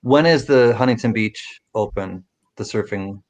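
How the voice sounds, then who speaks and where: A man's voice: fairly low pitch, unhurried, darkish tone. A man co-hosting a casual livestream, reading the chat and greeting viewers by name.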